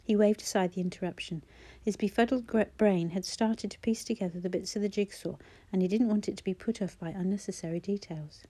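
A woman reading a novel aloud as an audiobook narrator, in a measured, gentle storytelling manner. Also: medium pitch. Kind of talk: scripted narration.

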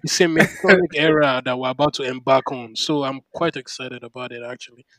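A man co-hosting a casual podcast, talking in an animated, rambling way with lots of fillers. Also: medium pitch, a little fast, no room sound, low-quality recording. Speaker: podcast co-host. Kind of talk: casual chat.

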